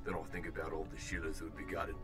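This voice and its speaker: A crude Australian talking computer. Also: male voice, rumbling low, level tone, racing, a bit bright, soft background music. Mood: teasing. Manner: crude, teasing, slangy banter. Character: cheeky male computer, Australian accent, crude and sleazy.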